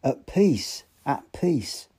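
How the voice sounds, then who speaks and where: A man voicing a tender, pleading synthetic baritone voice speaking from a machine. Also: big pitch swings, normal speed, warm tone.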